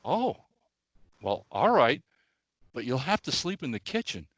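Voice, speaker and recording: A woman's voice: very deep voice, very animated, a little slow, very noisy, full character voice. A man voicing a kindly, frail little old lady with a genteel, startled way of speaking while telling a joke. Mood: sweetly matter-of-fact.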